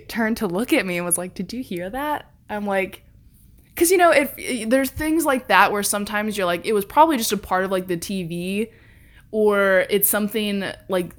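A woman in casual chat telling a ghost story, laughing often, swearing freely and acting out what people said. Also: mid-range voice.

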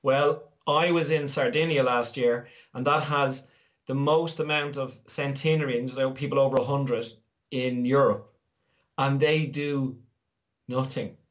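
An Irish man chatting casually, telling animated stories and acting out the voices of other people. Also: mid-range voice, measured pace. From Ireland. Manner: animated storyteller, acts out quoted voices. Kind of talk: casual chat.

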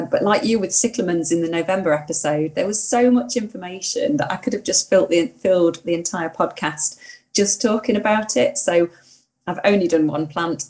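Chatty woman, lowish voice. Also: darkish tone. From England. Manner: enthusiastic, laughs often, asks rapid questions. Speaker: podcast co-host, hedge witch. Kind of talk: casual chat.

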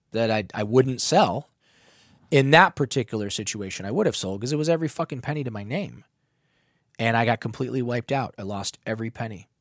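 A man's voice: fairly low pitch, no room sound, clean studio sound. Profane, emotional man telling a story. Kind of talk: candid storytelling.

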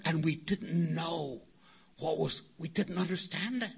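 An older man from California tells a wry, winding story at a recovery meeting, slipping into the voices of the people he quotes. His voice sits fairly high and rings bright. He talks in an easy, anecdotal way. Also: a little slow, creaky, breathy edge. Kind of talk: storytelling talk to a live meeting. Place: meeting hall before an audience.

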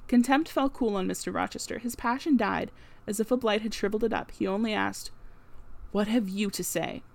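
Woman reading a classic novel aloud, steady, middle pitch. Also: fairly quick, gravelly. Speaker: audiobook narrator. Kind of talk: scripted narration.

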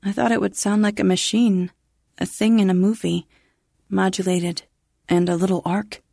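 A woman narrating a first-person science fiction story in a measured, restrained way. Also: medium pitch, level tone, vocal fry, warm tone, dry recording, clean studio sound.

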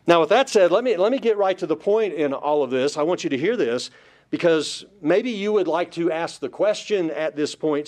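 A man with a fairly high-pitched voice preaches a Bible-study sermon. He is emphatic and keeps putting rhetorical questions to his listeners. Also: expressive, normal speed, a little mellow. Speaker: pastor.

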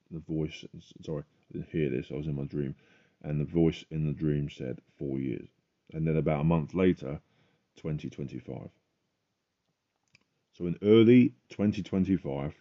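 Male podcaster, booming low voice, preaches with fervent emphasis; muffled home recording. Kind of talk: religious testimony monologue.

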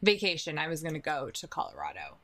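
A woman's voice: deep voice, huge pitch swings, fast talker, fairly bright tone. A young woman from California, a podcast guest, telling stories in a casual chat with a self-mocking Valley Girl lilt.

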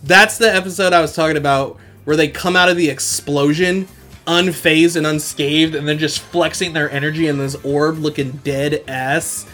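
Brief: young male podcast host, laughing and slangy recap, slightly high voice, music faint underneath. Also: normal speed. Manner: animated, slangy, laughs often. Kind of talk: casual anime recap chat.

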